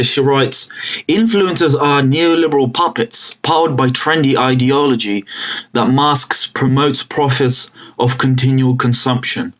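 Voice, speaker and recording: A man in a mid-range voice talks casually into a desk computer mic, with many fillers and restarts. His pitch jumps up when something interests him. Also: fairly bright tone. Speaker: vlogger. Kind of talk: casual commentary with screen sharing.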